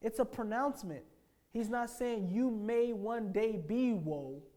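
A man, a pastor, preaching a sermon emphatically, asking his congregation rhetorical questions and swinging between hushed phrases and forceful declarations. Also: high-pitched, unhurried.

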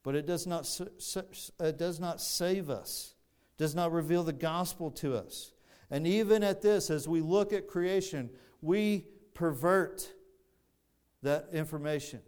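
A man preaching a sermon, explaining scripture in a measured way with frequent restarts. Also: fairly high pitch, a little mellow, smooth.

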